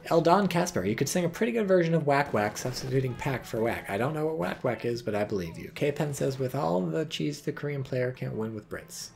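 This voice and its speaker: Gravelly, animated male game commentator. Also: mid-range voice, brisk, few pauses. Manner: sarcastic, profane, reads chat aloud. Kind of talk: casual game replay commentary.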